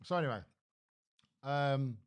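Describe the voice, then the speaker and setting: A man's voice: medium pitch, measured pace, smooth. A man hosting a live stream, ranting bluntly about the news with lots of swearing. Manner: blunt, animated, swears freely. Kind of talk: casual opinion rant on a live stream.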